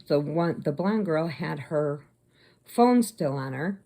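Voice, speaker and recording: A woman casually retelling a movie plot, chatty, slipping into quick voices for the characters. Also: sits low, expressive, warm tone. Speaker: crochet vlogger.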